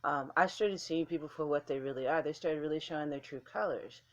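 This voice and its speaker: A woman's voice: low voice, brisk, dull audio. A woman vlogger talking casually to camera in a blunt, candid way, swearing freely.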